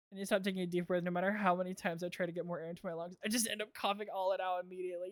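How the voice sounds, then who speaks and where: A woman's voice: medium pitch, little pitch movement, rapid-fire, few pauses, dry recording, studio quality. A woman streaming a game, rambling through her commentary with casual swearing and frequent laughs. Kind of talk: gameplay commentary. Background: faint lo-fi music.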